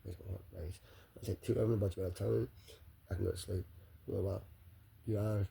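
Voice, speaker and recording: A man's voice: sits low, steady tone, fast talker, creaky, mellow, slightly rough. A man talking straight to the camera in a rambling personal monologue, circling back on the same phrases again and again.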